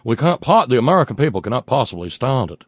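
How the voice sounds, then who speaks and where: A man's voice: medium pitch, sing-song, fast talker, husky, no room sound. Sardonic folksy male radio host. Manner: sardonic, folksy, bursts into loud exclamations. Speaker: radio talk show host. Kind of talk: political talk radio commentary.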